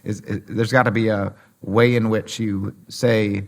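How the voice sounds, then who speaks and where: A man's voice: lowish voice, level tone, measured pace. A man hosting a podcast interview, asking long questions with many restarts and fillers. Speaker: podcast host. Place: conference venue.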